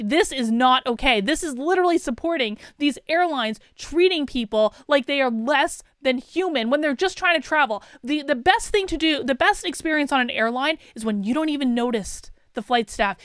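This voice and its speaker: Woman commentator, 30s, fired-up and insistent, high clear voice, close dry sound. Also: a bit bright, no echo. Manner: indignant, emphatic, repeats words for stress. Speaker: commentary vlogger. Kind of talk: opinion commentary reading a passenger account.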